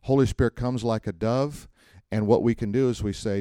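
Animated man teaching a church class. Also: mid-range voice, normal speed, few pauses, no echo, clean studio sound. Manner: animated storytelling, acts out quotes, asks the room questions. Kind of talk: conversational sermon.

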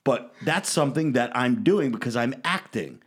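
A man hosting a casual podcast, telling a rambling story in an animated way. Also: medium pitch, normal speed. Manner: animated, rambling storyteller who acts out quotes. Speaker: podcast host.

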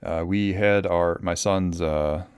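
Podcast host, male, thirties, from Minnesota: deep smooth voice, dry close sound, loose rambling delivery full of ums. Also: fairly even intonation, takes it slowly, a little mellow, no room sound. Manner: rambling, lots of ums and restarts. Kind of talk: casual solo podcast talk.

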